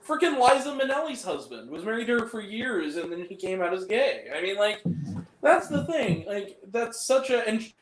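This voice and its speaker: A man's voice: high voice, sing-song, moderate pace. A man chatting as a guest on a casual stream, telling stories animatedly and laughing often. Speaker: guest on a film talk stream. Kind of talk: casual chat. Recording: echoey room with faint noise.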